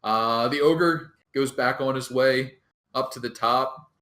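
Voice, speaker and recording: Slow, rambling man running a tabletop game. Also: mid-range voice, roomy sound. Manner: relaxed, rambling, laughs often. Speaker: dungeon master.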